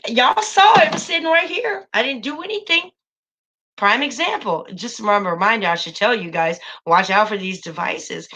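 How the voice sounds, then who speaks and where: A woman hosts a casual livestream, addressing her viewers as y'all in an emphatic, slightly preachy way. Her voice sits high and has a sharp tone.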